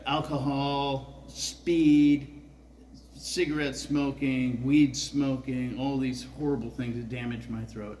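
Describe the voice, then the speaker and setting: A man's voice: medium pitch, slight background noise, rough recording. A man in his sixties telling a rambling, profane personal story on a festival stage, full of filler words. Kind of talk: live storytelling.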